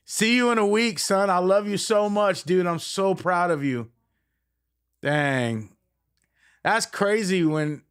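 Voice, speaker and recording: A man's voice: on the high side, a little slow, long pauses, fairly bright tone, smooth. A middle-aged man and band frontman chatting casually and affectionately to viewers on a live stream, rambling with many fillers.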